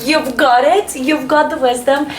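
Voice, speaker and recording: A woman's voice: high-pitched, fairly even intonation, measured pace, recorded from a distance, a little hiss or hum. Upbeat woman interviewing, off-mic and echoey. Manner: upbeat, encouraging, laughs often.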